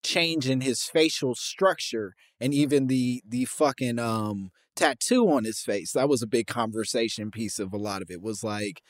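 A man's voice: medium pitch, moderate pace, few pauses, no room sound. Man, podcast host, amused, probing questions, casual talk, dry close recording. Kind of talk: casual conversational interview.

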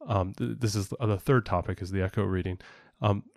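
A man's voice: on the low side, fairly even intonation, brisk, a little mellow, no room sound, clean studio sound. A man co-hosting a casual podcast, explaining at length in a rambling way with frequent fillers and restarts. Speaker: podcast co-host and parent.

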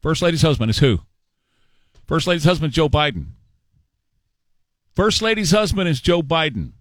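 A man's voice: on the high side, big pitch swings, moderate pace, no echo. A man hosting a talk radio show, mocking and repetitive as he hectors his listeners, speaking from a studio mic. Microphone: studio microphone.

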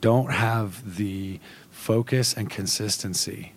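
Low-voiced man hosting a podcast. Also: takes it slowly, slight background noise. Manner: conversational, asks long rambling questions. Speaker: podcast host. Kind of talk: podcast interview.

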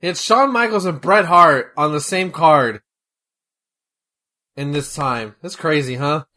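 Excitable bright-voiced man. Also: a little high, a little slow. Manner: excitable, joking, loud exclamations and laughter. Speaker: co-commentator watching old wrestling. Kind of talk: casual chat.

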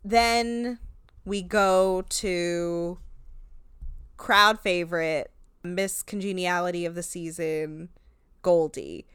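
A woman co-hosts a casual podcast, rambling with lots of "like" and easy laughter. Her voice is smooth and clear, recorded close and dry with no room sound. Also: on the low side, steady tone, slow, a bit bright, no echo. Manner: chatty, lots of "like", laughs often. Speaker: podcast co-host. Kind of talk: casual chat recapping a reality show.

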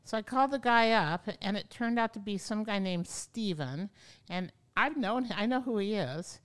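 Smooth-voiced woman telling a story. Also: medium pitch, moderate pace. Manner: lively, acts out her own past words. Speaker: yoga teacher, podcast guest. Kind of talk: conversational storytelling. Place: podcast studio.

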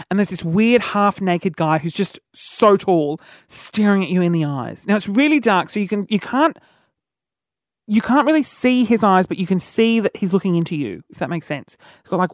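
A man's voice: sits high, dry recording, studio quality. A man hosting a solo podcast, telling a story in a cheeky, rambling way full of fillers and restarts. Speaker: podcast host.

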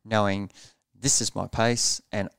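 A man's voice: lowish voice, level tone, measured pace, gravelly, a bit bright, clear, resonant tone, no room sound, studio quality. A man coaching triathletes in a podcast interview, explaining pace earnestly and repeating words as he thinks.

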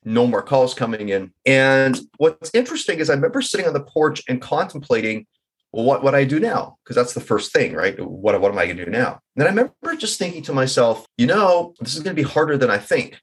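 Husky man telling his story candidly. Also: medium pitch, very animated, a little fast. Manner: candid and reflective, with occasional stammering. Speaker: guest. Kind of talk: personal storytelling in an interview.

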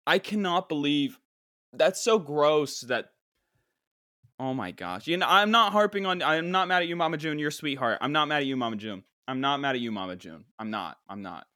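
A man's voice: fairly high pitch, moderate pace, no echo, clean studio sound. Incredulous young man hosting a podcast. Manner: incredulous, animated, mock-exasperated. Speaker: podcast host. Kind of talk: casual comedic reaction.

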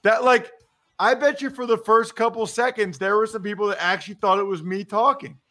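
A male podcast co-host, excitable and effusive, laughing as he talks about bets with friends. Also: sits high, brisk. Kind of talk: casual sports betting chat.

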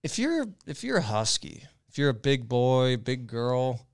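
A young man rambles through a casual podcast chat, cursing freely and circling back on his own thoughts. His voice comes through smooth and clear at an ordinary pitch. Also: big pitch swings, unhurried. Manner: loose, profane and rambling. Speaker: podcast co-host.

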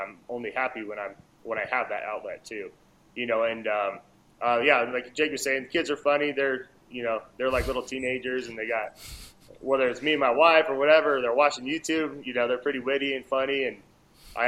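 Relaxed man telling family stories. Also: medium pitch, poor audio. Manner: relaxed, rambling, many fillers and restarts. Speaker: guest, MMA fighter. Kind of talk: casual interview chat.

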